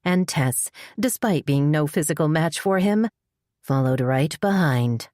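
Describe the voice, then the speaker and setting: A woman with a low voice narrates an audiobook in a steady, measured way. The recording is dry and close, with no room sound. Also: no room sound. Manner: measured storytelling. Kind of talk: scripted narration.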